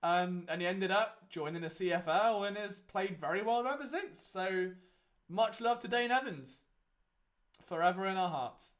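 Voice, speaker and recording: This is a young watchalong host with a high voice at normal speed. He chats his way through casual live game commentary, rambling and dropping plenty of fillers.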